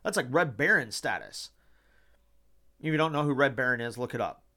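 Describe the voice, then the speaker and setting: A man's voice: medium pitch, lively intonation, normal speed, bright, forceful tone. A man, hosting a podcast and giving his heated, rambling opinions with lots of swearing and repetition. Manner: impassioned, swearing, repeats himself. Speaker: podcast host. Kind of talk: casual opinion talk.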